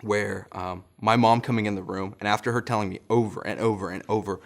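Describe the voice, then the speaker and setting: A young male pastor with a fairly low voice tells a story from his childhood in a relaxed, conversational sermon. He laughs at his own tale now and then. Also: fairly quick, gravelly, few pauses. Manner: chuckles often while telling a story.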